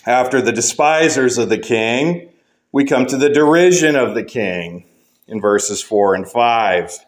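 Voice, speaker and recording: Man preaching a measured sermon. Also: animated. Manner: measured preaching with emphatic rises and low, slow conclusions. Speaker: pastor.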